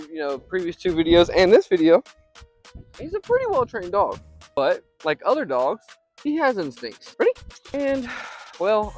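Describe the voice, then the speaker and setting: A man's voice: fairly high pitch, low-quality recording. A young man talking casually in a rambling vlog monologue outdoors, breaking off now and then to call his dog. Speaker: vlogger and software company owner. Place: outdoors in a field.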